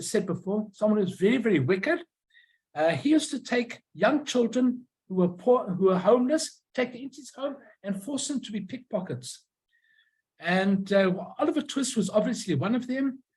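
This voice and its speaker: Middle-aged woman lecturing casually, stops n restarts a lot, tells little stories, mid pitch. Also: darkish tone, rough recording. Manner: halting, searches for words, tells anecdotes. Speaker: lecturer on stamps and postcards. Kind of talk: informal illustrated lecture.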